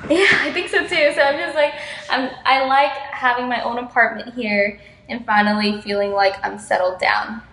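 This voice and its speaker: A woman's voice: on the high side, steady tone, normal speed, a bit bright, roomy sound, a little hiss or hum, poor audio. A young woman from Houston, Texas, chatting casually and frankly with a friend and laughing often. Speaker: friend in conversation. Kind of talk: casual chat.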